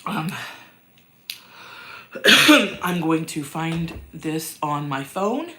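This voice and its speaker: Low-voiced woman with a cough, rambling. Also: very animated, very slow, pushed and bright. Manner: rambling, chatty, self-mocking. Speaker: host answering viewer questions. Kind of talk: casual livestream chat. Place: downstairs at home.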